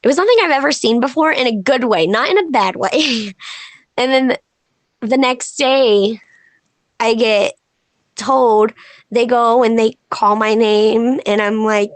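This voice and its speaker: Animated woman wrestler telling stories. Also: on the high side, unhurried, no echo. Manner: animated, acts out quoted dialogue. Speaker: professional wrestler and podcast guest. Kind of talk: casual podcast interview storytelling.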